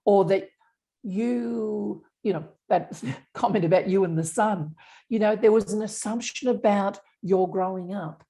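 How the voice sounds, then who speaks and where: A woman's voice: mid-range voice, a little slow, mellow. A woman, a bias specialist answering interview questions in an earnest, explanatory way. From Australia. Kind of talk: interview conversation.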